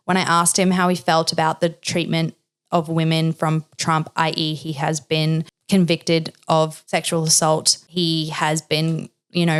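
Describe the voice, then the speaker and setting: A woman's voice: sits low, smooth. A woman in her thirties hosting a podcast, telling a candid story in a chatty, filler-heavy way, often quoting people. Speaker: podcast host.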